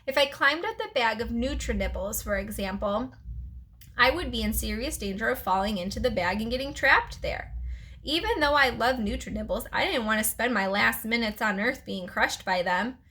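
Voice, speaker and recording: A woman teacher reading a children's chapter book aloud, with lively storytelling and playful voices. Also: fairly high pitch, normal speed.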